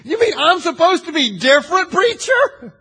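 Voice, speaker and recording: A preacher voicing a defensive, self-centered male churchgoer who answers back in a mocking, incredulous half-shout. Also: very high-pitched, sing-song, normal speed, pitched above the performer's own voice, full character voice. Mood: indignant. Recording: long hall reverb.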